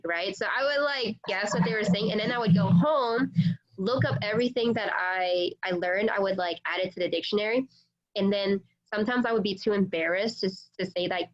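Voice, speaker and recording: A chatty woman, a real estate agent, talks casually on a video call, scattering fillers as she goes. Her voice sits at an ordinary middle pitch. The call audio is dull and lo-fi. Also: fairly even intonation, fairly quick. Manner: chatty, many fillers like "like" and "you know".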